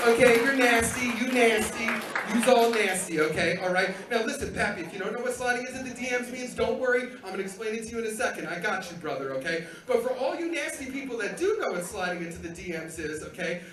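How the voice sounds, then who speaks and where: A middle-aged man doing a live stand-up set on a club stage, with loud, rowdy crowd work and squealing high put-on voices. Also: noisy background. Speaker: stand-up comedian. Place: comedy club theater stage. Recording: roomy live theater sound from a distance.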